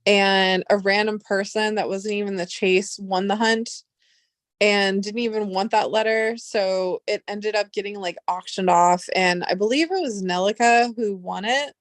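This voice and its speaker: Young woman streamer, chatty, excitable, swears often, dry close sound. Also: medium pitch, a little slow, no room sound. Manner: rambling, excitable, swears freely. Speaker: livestream host. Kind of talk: casual livestream chat.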